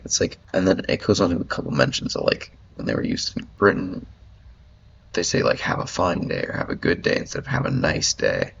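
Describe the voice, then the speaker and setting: Reading an article aloud, a man rants through rambling commentary, swearing often and stuffing his talk with "like." His voice is low and gravelly yet a bit bright. The audio is dull and lo-fi, with slight background noise.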